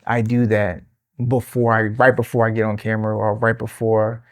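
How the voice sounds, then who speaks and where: A man hosting a casual interview, talking in a relaxed, slangy way. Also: on the low side, moderate pace. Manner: relaxed, slangy, many "you know" fillers. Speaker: host.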